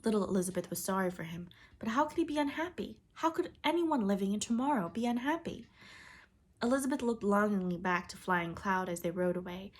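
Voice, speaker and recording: A woman's voice: mid-range voice, brisk. Woman reading a classic storybook aloud. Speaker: audiobook reader. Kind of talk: storybook narration.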